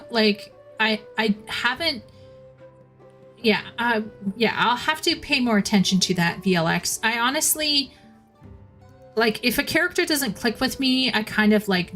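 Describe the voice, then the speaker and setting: A woman casually commenting on a game story while she live-streams it, often restarting her sentences. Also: medium pitch. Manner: chatty, restarts sentences, critiques the writing.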